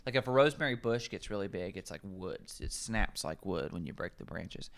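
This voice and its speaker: Smooth low-voiced man, chatty explainer. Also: animated, brisk. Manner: rambling, self-correcting, chatty explainer. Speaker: nutrition coach. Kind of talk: casual podcast conversation.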